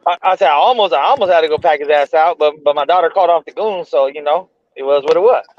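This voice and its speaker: Male co-host, 30s, quick high voice, animated slangy storyteller, dry lo-fi mic. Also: no room sound. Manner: animated, slangy, swears freely. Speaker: podcast co-host. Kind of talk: casual storytelling chat.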